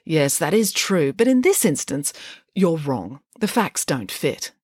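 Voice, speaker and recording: A woman reading aloud and voicing a coolly logical schoolgirl detective who speaks flat and matter-of-fact. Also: sits low, a little slow, slightly rough, no echo, clean studio sound, full character voice. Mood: deadpan.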